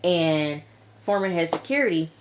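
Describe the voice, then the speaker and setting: A woman vlogger recapping a TV episode in a casual, lively way, full of slang and quick asides. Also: on the low side, noisy background. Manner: lively retelling with slang and acted-out quotes. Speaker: TV review vlogger.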